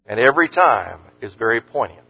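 A man preaching an earnest sermon as pastor, lifting his voice on scripture quotes and dropping low and soft on words of comfort. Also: very animated, a little fast, vocal fry, breathy edge. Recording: muffled sound with long hall reverb.

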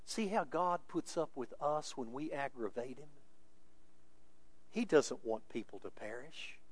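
A male pastor preaching a sermon with emphasis, moving between quiet asides and raised, insistent points. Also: a little high, dry recording.

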